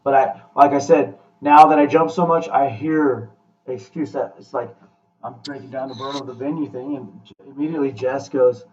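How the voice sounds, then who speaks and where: Host type: blunt motivational man, swears freely, mid-pitched, recorded distant in a roomy space. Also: moderate pace. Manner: blunt, profane, animated pep talk. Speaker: podcast host. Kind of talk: casual podcast chat. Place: room with guests. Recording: echoey, distant, muffled room mic.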